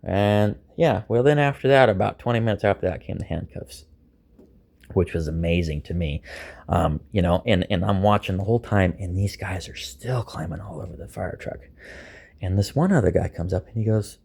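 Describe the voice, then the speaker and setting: Gravelly, husky man telling a story. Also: sits low, normal speed. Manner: animated, acts out quoted voices, chuckles. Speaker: storyteller recounting an arrest. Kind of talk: casual storytelling monologue.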